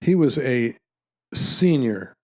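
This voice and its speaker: A man's voice: mid-range voice, animated, takes it slowly, a little mellow. A man co-hosting a casual podcast, chatty and full of wry interjections. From Canada. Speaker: podcast co-host.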